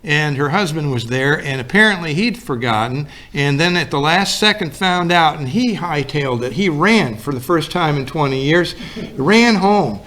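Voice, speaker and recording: A man's voice: a little high, expressive, normal speed, fairly bright tone. A male pastor giving a sermon in a folksy storytelling manner, acting out the lines of the people in his story.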